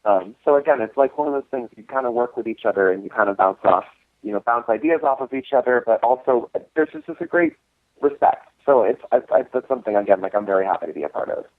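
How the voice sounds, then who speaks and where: A man's voice: mid-range voice, fast talker, no room sound. Rambling man on a tinny line. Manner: rambling, many restarts and fillers. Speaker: co-host of a cult film screening series. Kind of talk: casual interview storytelling.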